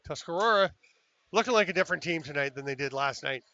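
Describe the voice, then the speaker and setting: A man calling a lacrosse game as play-by-play commentator, chatty and excitable on goals, with apologetic asides between plays. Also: fairly high pitch, quick pace, no echo. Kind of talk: sports commentary. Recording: slightly dull lo-fi broadcast with faint noise.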